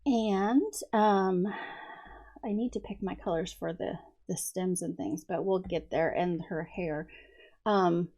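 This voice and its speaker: A woman chats slowly and easily while she colors, her voice gravelly with fry. Allergies leave her hoarse, and she fills pauses with ums and little giggles. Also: fairly low pitch, mellow. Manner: chatty, many ums, giggles often. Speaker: coloring channel host. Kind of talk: casual coloring chat.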